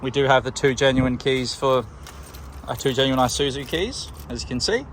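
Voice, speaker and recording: In a walkaround car video tour, an Australian car salesman moves around and inside a vehicle, casually pointing out features in a plain-spoken, matter-of-fact manner. His bright, forward voice sits at a middling pitch and moves at a moderate pace. A camera mic picks him up along with a faint hum of outdoor noise.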